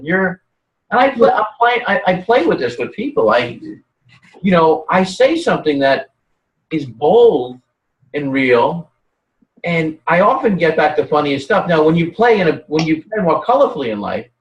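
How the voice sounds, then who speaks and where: A man talking in a casual chat, telling rambling stories with lots of restarts. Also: sits high. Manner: rambling, animated storytelling with many restarts. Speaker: guest. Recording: roomy, distant from the mic.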